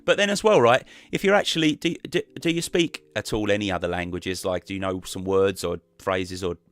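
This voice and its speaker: A man's voice: low-pitched, fairly quick, fairly bright tone. A man chatting casually as a guest on a live stream, rambling and restarting his sentences.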